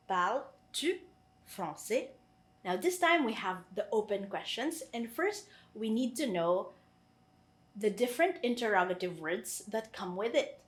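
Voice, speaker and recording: A woman with a Filipino accent teaching a French grammar lesson, patiently repeating each French phrase and translating it. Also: fairly high pitch. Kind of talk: online language lesson.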